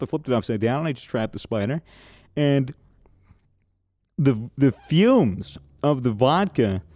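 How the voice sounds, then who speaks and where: A man's voice: mid-range voice, no echo. Young man telling a story on a podcast, dry sound. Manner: animated storyteller, swears freely. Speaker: podcast host. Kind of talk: casual podcast chat.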